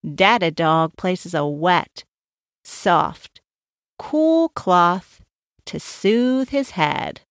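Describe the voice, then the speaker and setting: A woman reading a children's story aloud in a gentle way, pausing to ask the listening child questions. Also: fairly low pitch, animated, clean tone, no room sound, clean studio sound.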